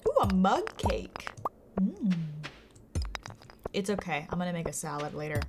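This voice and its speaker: A woman's voice: lowish voice, huge pitch swings, unhurried. A woman chatting casually and giggling as she talks to viewers while playing a game on a live stream. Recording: game music playing behind the voice.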